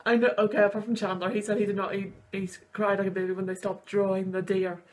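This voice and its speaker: Speaking quickly in a level, slightly mellow voice of medium pitch, a woman in her twenties reacts to sad film scenes. She's a university student and video host whose commentary is rambling, gushing and emotional, complete with sniffles.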